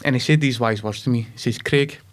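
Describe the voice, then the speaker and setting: A Scottish man in his twenties, a guest telling his life story in an interview, emotional and animated. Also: medium pitch, racing. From Scotland.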